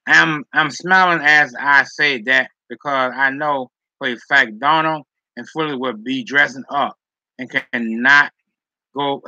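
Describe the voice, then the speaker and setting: A man's voice: medium pitch, a little slow, bright, forceful tone, no room sound, highs cut off. A man hosting a live stream, reading chat and giving dating advice in a preachy way, often tagging on "okay?" and "all right?".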